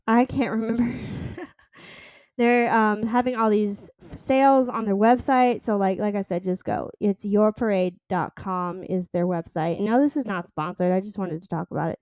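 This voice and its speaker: A woman's voice: medium pitch, moderate pace, darkish tone, no room sound. A woman in her twenties hosting her own podcast, chatting casually and rambling with lots of fillers. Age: 20s. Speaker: podcast host. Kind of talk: casual solo podcast chat.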